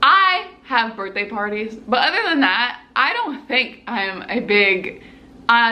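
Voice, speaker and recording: Bright, chatty young woman vlogger. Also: medium pitch, moderate pace. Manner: animated and chatty, lots of "like" fillers. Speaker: medical student vlogger. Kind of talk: casual storytelling to camera.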